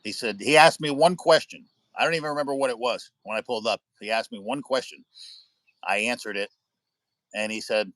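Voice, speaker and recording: A man's voice: mid-range voice, fairly quick, fairly bright tone, no room sound. A man from the United States hosting a live stream, chatting with viewers and telling rambling stories, swearing freely. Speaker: livestream host. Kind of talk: casual chat with viewers. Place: indoors at home by a window.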